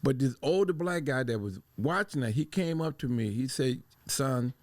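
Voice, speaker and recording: A middle-aged man from Detroit tells a story on a podcast, animated and full of restarts. His voice sits at an ordinary pitch and is recorded dry, with no room sound. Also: moderate pace, no room sound. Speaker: podcast co-host. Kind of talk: casual discussion.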